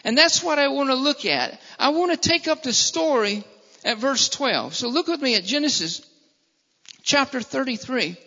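A preacher delivering a sermon with emphatic, repetitive phrasing, slowing down to stress key words. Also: high-pitched, expressive, pushed and bright. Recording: long reverb, dull lo-fi sound.

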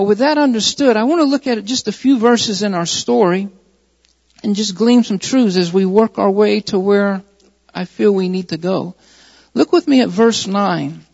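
A man's voice: high voice, gravelly, darkish tone. A man preaching a sermon, reading scripture aloud and then explaining it with repeated emphasis. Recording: muffled hall recording.

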